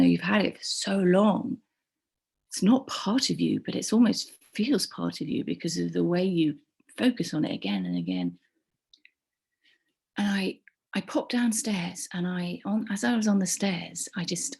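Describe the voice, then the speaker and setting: Woman, middle-aged, husky, gravelly, halting rambling storytelling. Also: fairly low pitch. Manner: halting, rambling, with many restarts and soft whispered asides. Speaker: community group member. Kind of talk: personal storytelling.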